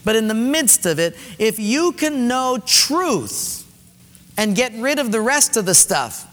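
A male pastor preaching an emphatic sermon, repeating key phrases and dropping to quiet, slow emphasis. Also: extremely high pitch, very animated. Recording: long hall reverb.

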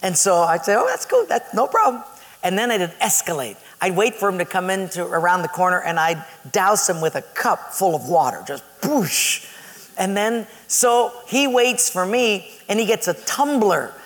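A man preaching a sermon, telling a story in a lively way with laughter. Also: sits high, normal speed, few pauses, big-room sound.

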